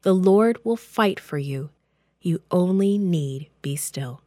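A calm elderly leader speaks with steady, firm command, as a woman puts him on. The voice is set a little lower and unhurried, in a dry, close sound. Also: dry recording.

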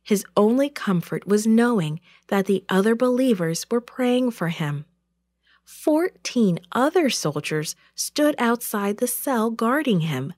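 Slow, expressive woman reading a storybook. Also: fairly high pitch, dry recording, clean studio sound. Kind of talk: children's storybook narration.

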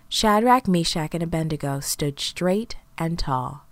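Expressive woman reading a kids' Bible story. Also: sits low, a little slow, hardly any pauses, no echo. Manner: lively, expressive storytelling with raised voices for characters. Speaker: children's storyteller. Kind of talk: scripted children's Bible story narration.

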